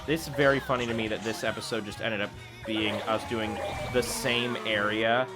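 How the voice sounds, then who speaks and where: A man casually commentating his own gameplay, chatty and self-deprecating, thinking out loud as he plays. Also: fairly low pitch, steady tone, moderate pace, loud music behind the voice. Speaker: gaming video host. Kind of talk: casual let's-play commentary.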